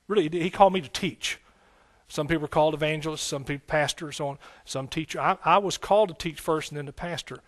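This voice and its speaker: A man with a somewhat high voice preaches with folksy fire. He hammers the same phrase again and again and keeps asking his congregation for an "amen". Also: quick pace. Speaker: pastor and Bible teacher. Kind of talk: sermon.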